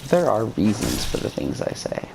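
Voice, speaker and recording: A woman with a very deep voice giving rambling, self-deprecating let's-play commentary as she plays. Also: wildly swooping pitch, moderate pace, gravelly, noisy background. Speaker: game streamer.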